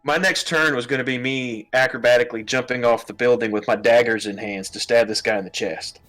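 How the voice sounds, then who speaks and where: A man's voice: mid-range voice, steady tone, brisk, fairly bright tone, rough recording. A man playing a tabletop game, talking through his moves in a plainspoken way. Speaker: player. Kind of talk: casual game chat.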